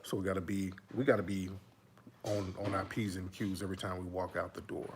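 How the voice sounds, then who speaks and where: A man hosting a casual commentary monologue, talking animated and preachy into a phone held close to his face. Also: sits low, fairly quick, noisy background. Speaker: host.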